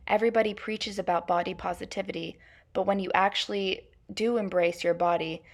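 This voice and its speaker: A young adult woman presenting as a student, reading her class presentation in a steady, measured way with frequent hedging phrases. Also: medium pitch, creaky.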